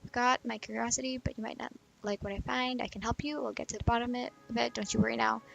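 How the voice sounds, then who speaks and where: Brief: world-weary hardboiled male detective, read by a woman, gruff and low-key. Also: fairly even intonation, quick pace, fairly bright tone, dull audio, soft background music, heavily acted.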